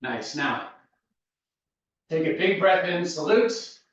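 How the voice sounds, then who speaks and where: A man's voice: a little high, takes it slowly. Out-of-breath man coaching a workout, echoey room. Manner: calm, steady coaching cues. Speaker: fitness instructor. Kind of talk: guided workout instruction. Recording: echoey room, voice from far off, dull sound.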